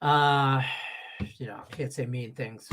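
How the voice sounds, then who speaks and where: A man's voice: mid-range voice, slow pace, slight background noise. A man on a sports betting show, ranting with profanity and heat, his voice congested from stuffed sinuses. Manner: profane, ranting, heated and animated. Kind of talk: casual sports betting talk show rant. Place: Las Vegas.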